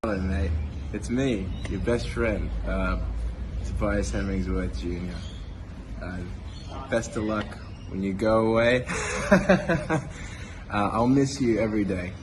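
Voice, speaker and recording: A man's voice: sits low, background noise. A man leaving a joking message, mock-sweet and insulting.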